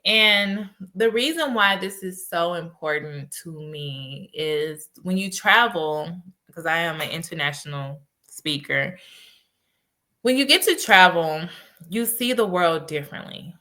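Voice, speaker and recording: Woman podcast host, kinda low voice, bright and lively, chatty storytelling. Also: unhurried. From United States. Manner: animated storytelling with laughs. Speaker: podcast host and life coach. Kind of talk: casual solo podcast talk.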